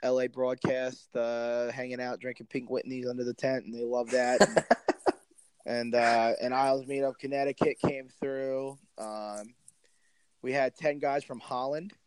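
A man co-hosting a casual podcast with a smooth, resonant voice. He tells loose, jokey stories packed with fillers and restarts. The sound is dry and close. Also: mid-range voice, level tone, normal speed, dry recording. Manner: laid-back, jokey storytelling with fillers. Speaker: podcast co-host. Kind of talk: casual chat.

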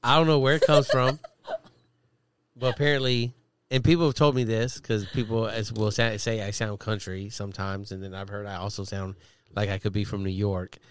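A man's voice: fairly low pitch, level tone, moderate pace, smooth. A man hosting a casual dinner-table podcast chat, joking and teasing his guests and swearing freely. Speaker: podcast host.

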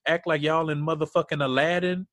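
Dude ranting about reality tv, swears a lot, exasperated, dry sound. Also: male voice, on the high side, fairly even intonation, fairly quick, a bit bright, no room sound. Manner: blunt, profane, exasperated. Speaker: podcast co-host. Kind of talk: casual reality-TV recap chat.

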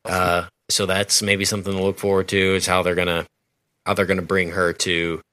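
Bright-voiced man chatting about movies. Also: low-pitched, monotone, normal speed, no room sound. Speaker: podcast co-host. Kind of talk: casual movie discussion.

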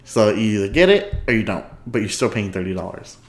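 A man's voice: fairly low pitch, sing-song, brisk. A man hosting a podcast in casual chat at home, rambling, getting sidetracked and laughing often. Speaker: podcast host. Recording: echoey room.

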